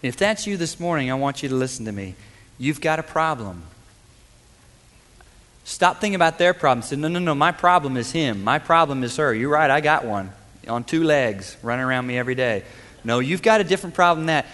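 A man preaching a sermon in a church, swinging between loud urgent lines and hushed, quiet ones. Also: mid-range voice, lively intonation, a little fast, in a large hall. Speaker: pastor.

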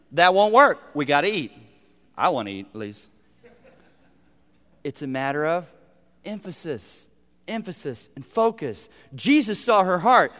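A male pastor preaches with a high, smooth and resonant voice. His delivery swings between loud, emphatic phrases and soft, near-whispered words. The sound carries the long reverb of a large hall. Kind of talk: sermon.

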